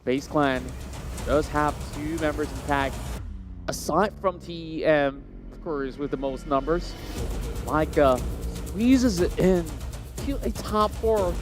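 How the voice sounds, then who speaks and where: A male caster calls a live esports match with a slightly high voice. His delivery is energetic and quick to rise into excited bursts over the action. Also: over music. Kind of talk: live play-by-play commentary.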